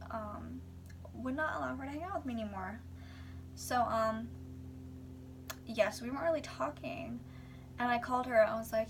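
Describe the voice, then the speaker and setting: A woman's voice: a little high, far from the mic, a little hiss or hum. A young woman vlogger rambling casually through a personal story, full of "like"s and whispered asides.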